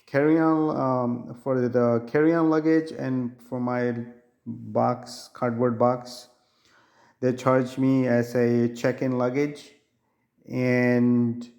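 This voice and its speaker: A man telling a casual complaint vlog, his voice nasal as he recovers from an illness, speaking haltingly with restarts. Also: medium pitch, darkish tone. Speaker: vlogger.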